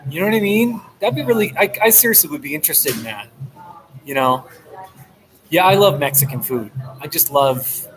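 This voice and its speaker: Holding up his laptop to record, a vlogger from the New Jersey and New York area live-streams from a coffee shop, rambling and chatting with frequent laughs. The American man's voice is on the high side, expressive, a bit bright, at normal speed, with slight background noise and poor audio.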